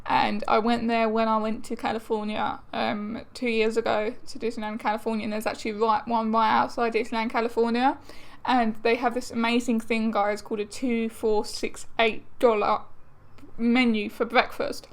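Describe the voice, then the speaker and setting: Chatty young woman vlogger, fairly high voice. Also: level tone, moderate pace, creaky. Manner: chatty and exasperated, lots of fillers. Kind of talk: casual chat to camera.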